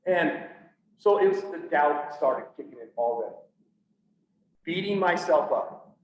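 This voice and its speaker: Man, fairly high voice, earnest and halting storyteller addressing a room; recorded from a distance, dull and echoey. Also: animated, a little mellow, a little hiss or hum. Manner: earnest, halting, with frequent restarts. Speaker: public speaker on PTSD. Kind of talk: personal storytelling talk. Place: event room, speaking to an audience.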